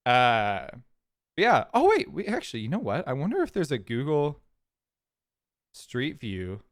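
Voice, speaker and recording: A man's voice: medium pitch, no echo, clean studio sound. A man from California streaming, telling a story in a casual, rambling, chatty way. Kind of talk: casual chat.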